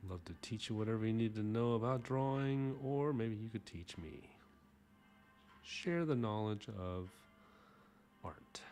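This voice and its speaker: Male streamer-artist, lowish voice, loose rambling chat with self-mocking jokes, mumbles as he works. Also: moderate pace, faint music behind. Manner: talks while drawing, trailing off into soft mumbles. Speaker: artist hosting a drawing livestream. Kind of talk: casual livestream drawing commentary.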